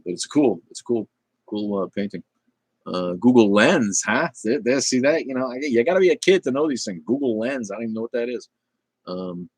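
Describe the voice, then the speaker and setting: A man's voice: deep voice, breathy edge, dry recording. A middle-aged man hosting a casual livestream, chatting in a rambling way with lots of fillers and restarts, blunt and irreverent as he reads viewer comments. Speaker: livestream host.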